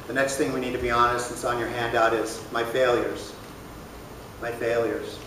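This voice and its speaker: A man's voice: mid-range voice, little pitch movement, moderate pace, background noise. A man casually teaching a church recovery group, plain-spoken, often asking the room questions. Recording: echoey room, voice from far off.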